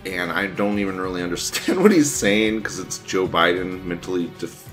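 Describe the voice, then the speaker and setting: A low-voiced man hosts a casual online news show, reading posts aloud and reacting with a lively, swinging pitch. He laughs often, swears freely and turns sarcastic, with faint music behind. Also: moderate pace. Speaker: news commentary host.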